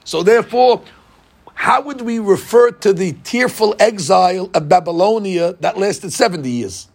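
Bible class teacher, man, high gravelly voice, animated and quizzing the class. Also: normal speed. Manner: animated, asks the class questions. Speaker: Torah teacher.

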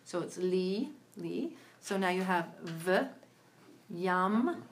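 A woman's voice: fairly low pitch, expressive, slow pace, a little hiss or hum. Patient woman teaching reading in class. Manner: patient, encouraging, breaks words into syllables. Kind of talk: classroom instruction. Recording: roomy classroom audio from a distance.

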